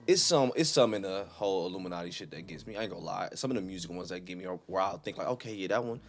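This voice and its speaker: A young man talks through a reaction video in a loose, slangy way, tossing in "dog" as he goes. His voice sits a bit low and crackles with gravelly fry. Faint music plays underneath. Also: lively intonation, very fast. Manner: laid-back slangy banter, calls listener dog. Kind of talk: casual reaction commentary.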